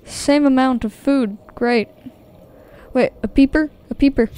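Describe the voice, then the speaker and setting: Jumpy woman narrating a game, higher voice. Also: unhurried, mellow, smooth. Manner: jumpy and easily startled, repeats phrases nervously; talks to her viewers directly. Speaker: video game streamer. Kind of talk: let's-play gameplay commentary.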